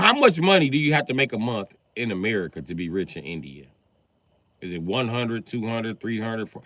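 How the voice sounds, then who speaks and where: A man's voice: sing-song, fairly quick, pushed and bright, no echo. A man doing a profane, mocking stand-up rant on a live stream. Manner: profane, mocking, jumps in pitch. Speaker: comedian streamer.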